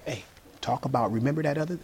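A man voicing a sly male devil who whispers temptations in a hushed, scheming voice. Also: medium pitch, quick pace, voice pushed down, close to an everyday voice.

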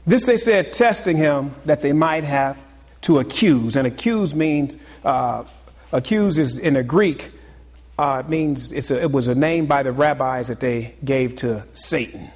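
A pastor preaching a sermon to his congregation, swinging between loud exclamations and hushed, confiding asides. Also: mid-range voice, a little slow, long reverb tail.

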